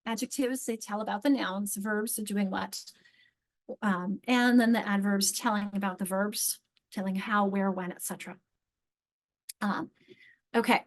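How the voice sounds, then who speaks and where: Chatty woman leading a teacher training. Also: fairly high pitch. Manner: chatty, with frequent restarts and modeled read-alouds. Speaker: literacy trainer.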